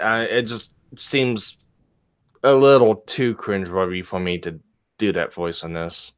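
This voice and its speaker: A man's voice: on the low side, fairly even intonation, a little slow, clear, resonant tone. A man co-hosting a podcast, bantering playfully. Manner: joking, playful. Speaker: podcast co-host. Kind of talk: casual banter.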